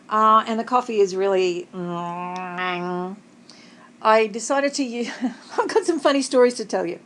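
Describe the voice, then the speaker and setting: A woman's voice: on the high side, lively intonation, measured pace, slight background noise, low-quality recording. Rambling Australian woman vlogging from bed. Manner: rambling, conversational, often laughing. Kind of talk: casual chatty personal vlog. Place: hotel room, sitting up in bed.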